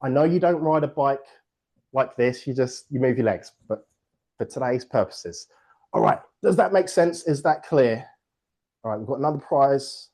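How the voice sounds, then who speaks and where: A man's voice: medium pitch, moderate pace. A man hosting a virtual book launch on a video call, playful and jokey, leading party games and sometimes out of breath. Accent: non-American English. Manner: lively, playful, jokey, breaks into laughter. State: out of breath at times.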